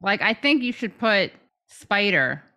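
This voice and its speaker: A woman's voice: mid-range voice, sing-song, a little slow, pushed and bright. A woman co-hosting a podcast, chatting casually and jokily about odd news stories. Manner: jokey, puts on accents mid-story. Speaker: podcast co-host.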